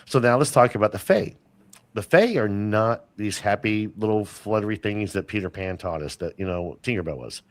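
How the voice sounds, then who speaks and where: A man with a lowish voice chats as a podcast guest, drifting from one story to the next with plenty of fillers and restarts. The sound is dry and close. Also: normal speed, no echo. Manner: rambling storyteller, many fillers. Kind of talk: casual interview chat.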